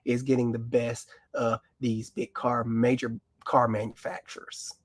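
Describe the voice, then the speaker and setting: A man co-hosting a live car question show as the mechanic. He explains at length in a folksy, easygoing way. The sound is dry and close, and his pitch sits at an ordinary middle height. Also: flat delivery, unhurried, slightly rough, no room sound. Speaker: mechanic, co-host. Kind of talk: casual live Q&A on cars.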